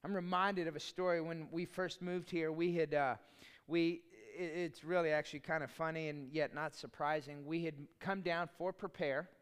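A man's voice: a little high, steady tone, normal speed, clean tone. A man preaching a sermon as pastor, in a conversational, storytelling way with chatty asides.

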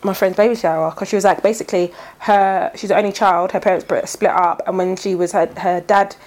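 A woman's voice: medium pitch, steady tone, darkish tone. A woman chatting casually as a podcast co-host, telling rambling stories. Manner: chatty storytelling, fast and rambling. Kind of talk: casual chat.

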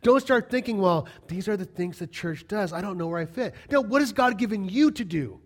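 A middle-aged man preaching a sermon as pastor, animated and storytelling, with emphatic repetition. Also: high voice, fairly quick.

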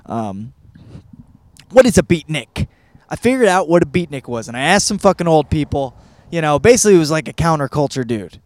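A man's voice: a little high, big pitch swings, a little fast, a little mellow. A man in his thirties from Michigan, hosting a podcast and reviewing a book in a rambling, profane, self-deprecating monologue. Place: California.

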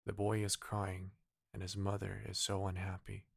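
A man voicing a gentle, sorrowful golden statue prince in a bedtime story, speaking softly and mournfully. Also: deep voice, completely flat delivery, moderate pace, gravelly, slightly rough, dry recording, clean studio sound, exaggerated voice. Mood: pleading. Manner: soft, mournful.

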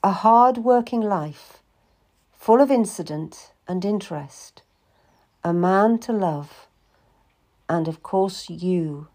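A woman reading a first-person historical story aloud with measured, expressive storytelling. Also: medium pitch. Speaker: audiobook narrator. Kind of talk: scripted first-person narration.

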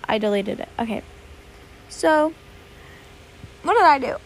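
A woman's voice: sits high, expressive, slow, long pauses. A young woman hosting her own podcast, rambling and swearing a lot in a dramatic, casual chat. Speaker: podcast host.

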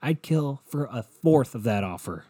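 Profane rambling podcast guy, dark tone. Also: mid-range voice, lively intonation, moderate pace, slightly rough, no echo. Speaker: podcast host. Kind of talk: solo podcast rant.

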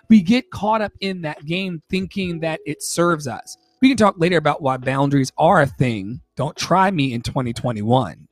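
A man co-hosting a casual podcast, reading a passage aloud with animated, profane emphasis. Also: a little high, moderate pace, few pauses, no room sound. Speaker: podcast co-host.

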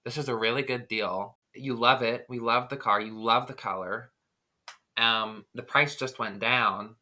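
Man, podcast co-host, casual storytelling, rambling with fillers, bright forward tone, mid pitch. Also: unhurried. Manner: rambling, filler-heavy, animated retelling.

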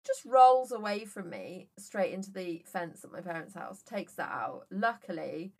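A woman's voice: medium pitch, lively intonation, a little slow, darkish tone. A woman in her thirties, co-hosting a podcast and telling rambling anecdotes in casual chat, swearing freely. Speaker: podcast co-host.

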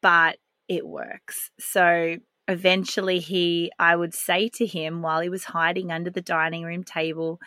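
A woman, hosting a solo podcast and speaking in a calm, earnest, reflective way. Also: lowish voice, measured pace, dry recording, clean studio sound. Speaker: podcast host.

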